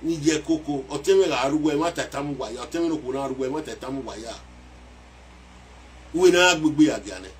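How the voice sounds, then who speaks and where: A man with a Nigerian accent giving excitable casual commentary on a song, repeating phrases as he goes. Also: mid-range voice, a little fast, recorded from a distance. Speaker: music commentator.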